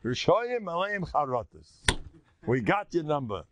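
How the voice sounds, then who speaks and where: An older man, a rabbi, giving a Torah lecture in an animated way, acting out inner voices and mixing in Hebrew and Yiddish terms. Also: medium pitch, moderate pace, creaky. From United States.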